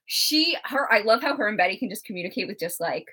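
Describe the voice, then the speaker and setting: A young woman co-hosting a casual TV recap chat, animated and laughing often as she acts out characters. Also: medium pitch, fast talker, breathy edge. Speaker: co-host.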